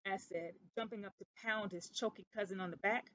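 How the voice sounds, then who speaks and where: A woman reading a children's picture book aloud as a storyteller, steady and unhurried. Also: mid-range voice, muffled recording.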